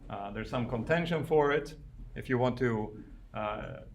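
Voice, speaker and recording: A man's voice: mid-range voice, normal speed, a little hiss or hum. A man giving a university lecture, thinking aloud with frequent fillers and restarts. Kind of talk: classroom lecture. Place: lecture room.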